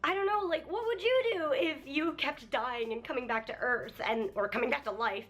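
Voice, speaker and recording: Excitable young woman ranting about anime. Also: sits high, normal speed. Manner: emotional, animated, swears freely. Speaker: vlogger. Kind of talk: excited anime review rant. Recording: faint music behind.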